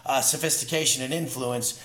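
A man's voice: medium pitch, fairly even intonation, fairly quick, a bit bright, reverberant. A man talking as an interview guest, intense and profane, telling emphatic stories in casual conversation. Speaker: podcast guest.

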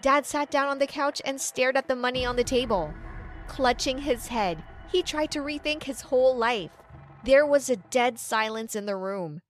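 A woman narrating a first-person story in a lively, animated way. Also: sits high, moderate pace, faint music behind.

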